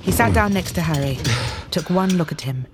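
A woman narrating a drama in a measured storybook reading. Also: fairly low pitch, animated. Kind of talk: scripted narration. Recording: clear music underneath.

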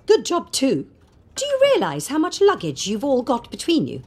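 A woman reading an audiobook, voicing a bossy, fussing middle-aged mother who scolds in a husky voice. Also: sits high, huge pitch swings, moderate pace, a little mellow, pitched above the performer's own voice, heavily acted. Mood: scolding. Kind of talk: audiobook character voice.

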